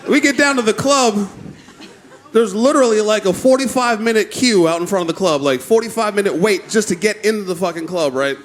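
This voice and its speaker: High-voiced man doing stand-up. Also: a little fast, a faint crowd. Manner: animated storytelling with profanity and acted voices. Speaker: stand-up comedian. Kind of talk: stand-up routine. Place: comedy club stage. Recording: live club audience and noise behind.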